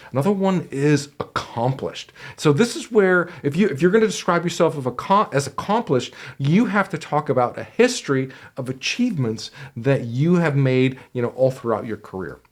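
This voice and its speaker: A man's voice: mid-range voice, darkish tone. Emphatic male career coach. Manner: conversational, emphatic, with frequent fillers. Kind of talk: direct-to-camera advice video.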